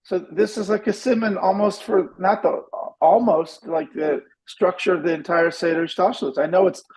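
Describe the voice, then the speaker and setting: A man's voice: sits high, moderate pace, a little mellow, breathy edge, low-quality recording. A man in a study session who reacts with admiring interjections and thinks aloud as he asks a question. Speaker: study partner.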